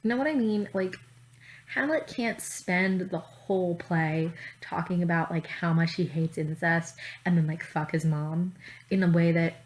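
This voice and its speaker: Lowish woman vlogger, roomy echo. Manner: chatty and profane, with quick asides and restarts. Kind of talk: casual chat. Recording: roomy echo, faint ambience.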